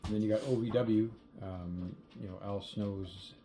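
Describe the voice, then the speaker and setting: A man co-hosting a podcast, delivering news in a measured, halting way with many fillers. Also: lowish voice, steady tone, mellow. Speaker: podcast co-host. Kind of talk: casual chat. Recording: faint background noise.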